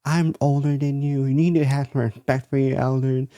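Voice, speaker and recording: A man's voice: low-pitched, steady tone, brisk, mellow, dry recording, natural voice. A man voicing a rude, furious older female shopper in a screeching, indignant tirade.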